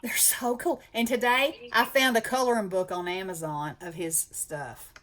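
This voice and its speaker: A woman's voice: mid-range voice, fairly even intonation, normal speed, a bit bright. A woman with a Southern US accent chatting enthusiastically as host of a craft channel. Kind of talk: casual chat.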